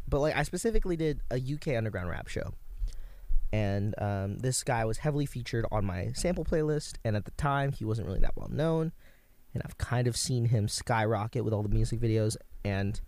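A man's voice: mid-range voice, a little mellow, no room sound. A young man hosting a college radio show, chatting casually and enthusiastically between songs, rambling with lots of fillers.

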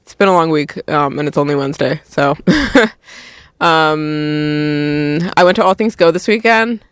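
A man's voice: on the high side, a little slow, fairly bright tone, clear, resonant tone, no room sound, studio quality. A young man hosting a radio show, chatting casually in a tired, laid-back way, rambling with lots of "like" and "um". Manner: rambling, filler-heavy, full of "like" and "um".

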